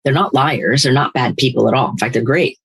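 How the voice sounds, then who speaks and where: Husky older woman, firm and emphatic. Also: extremely low pitch, brisk, poor audio. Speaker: podcast host, recovery coach. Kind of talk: motivational talk.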